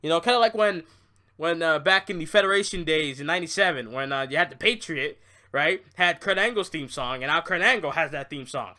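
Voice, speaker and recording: A man's voice: on the high side, brisk, bright, forceful tone. A young man hosting a podcast, ranting about wrestling fans in a casual, profane, exasperated way. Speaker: podcast host.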